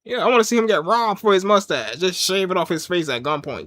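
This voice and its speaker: A man's voice: sits high, fast, fairly bright tone, no echo. A man giving a casual watch-along review of a wrestling show, rambling through jokes and rants and laughing often. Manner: loose, joking rants with frequent laughs.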